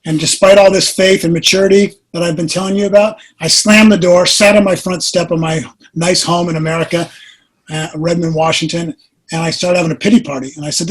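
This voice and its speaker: A man in his sixties, a podcast guest, earnestly telling a personal story with animated delivery. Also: on the high side, brisk, slightly rough, low-quality recording. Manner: earnest, animated storyteller who acts out quotes.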